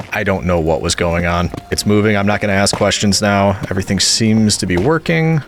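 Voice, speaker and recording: A young man giving casual let's-play commentary, talking to himself and the game and yelping when things go wrong. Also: deep voice. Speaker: gaming YouTuber.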